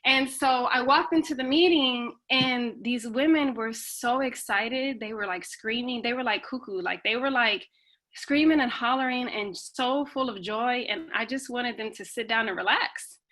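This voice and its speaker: Bright-voiced woman telling a story. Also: on the high side, moderate pace. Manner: animated, acts out the voices in her stories. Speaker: guest speaker sharing her story. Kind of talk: casual storytelling. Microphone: video call.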